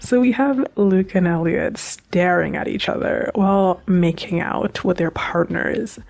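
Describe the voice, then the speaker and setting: A woman talks through a show recap in casual, animated fan chatter. Her voice sits a little low and carries a gravelly, creaky fry. She gushes and exclaims as she goes. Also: measured pace. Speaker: video reviewer.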